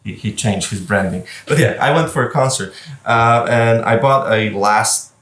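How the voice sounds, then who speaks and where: Male podcast guest, low voice, chatty storyteller, echoey room, sits back from the mic. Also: normal speed, fairly bright tone. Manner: storytelling, chatty, laughs while talking. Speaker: wedding photographer guest. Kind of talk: casual podcast chat. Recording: roomy and distant from the mic.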